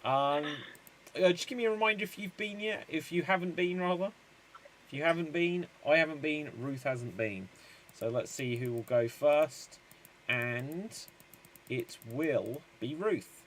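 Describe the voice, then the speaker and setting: A man hosting a live-streamed improv show, upbeat and quick to laugh. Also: fairly high pitch, animated, fairly bright tone, slight background noise. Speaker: improv game host.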